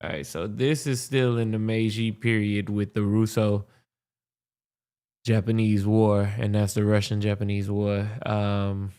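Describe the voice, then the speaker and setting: Male podcast host, unhurried, clear voice, animated profane reactions. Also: on the low side. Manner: animated, profane, thinks aloud with restarts. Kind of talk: casual reaction commentary.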